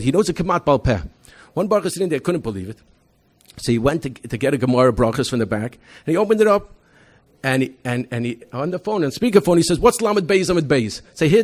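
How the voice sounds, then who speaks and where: A man speaks at a rapid clip in a somewhat raised voice, presenting to a convention as a rabbi. He tells stories with animation, restarting phrases and bursting into loud impressions of students. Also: a little high. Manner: animated storytelling, acts out quoted students loudly, frequent restarts. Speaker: rabbi presenting an educational program. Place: convention hall.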